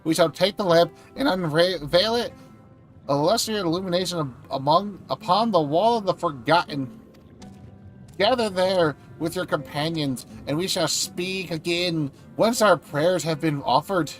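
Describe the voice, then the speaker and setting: Streamer doing a ceremonial old elder, wandering Southern-to-Celtic accent, slightly high. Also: male voice, unhurried, faint music behind, close to an everyday voice. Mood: solemn. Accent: wobbly put-on Southern US drifting Irish or Scottish. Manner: grand, ceremonial reading aloud.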